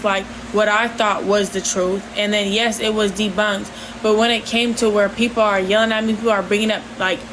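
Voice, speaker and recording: A woman hosting a livestream, talking casually in a rambling, halting way with lots of fillers. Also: mid-range voice, noisy background. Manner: says she talks with her hands, animated. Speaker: livestream host.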